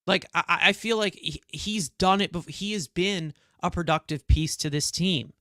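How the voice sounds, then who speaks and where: A man's voice: sits high, moderate pace, sharp tone, no room sound, clean studio sound. A man with a New York accent co-hosting a sports podcast, ranting and swearing as he airs his frustration. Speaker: podcast co-host. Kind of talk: heated sports reaction talk.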